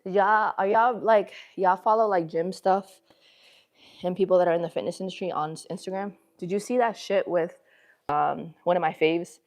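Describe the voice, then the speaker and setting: A woman hosting a casual livestream from a gym, with a northern city accent, talking to her viewers in a slangy, chatty way. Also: fairly low pitch. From northern United States. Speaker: livestream host. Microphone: phone camera.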